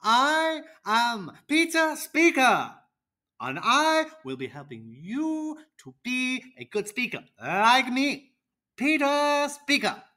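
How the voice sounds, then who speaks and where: Performer voicing a confident kids' speaking coach, teacherly, very slow, bright tone. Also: full character voice. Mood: upbeat. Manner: slow, deliberate, teacherly, with lively pitch. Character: cheerful, confident teacher character. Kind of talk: children's educational roleplay.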